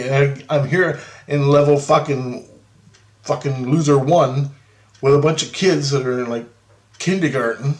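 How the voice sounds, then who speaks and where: A man telling a rambling, profane story about a dream, animated and laughing often. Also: medium pitch, unhurried. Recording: roomy echo.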